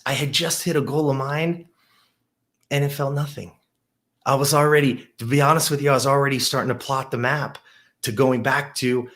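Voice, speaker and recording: The speaker is a middle-aged man who owns a gym and hosts. Telling a motivational story to the camera, he builds up excitedly and then lowers his voice to reflect.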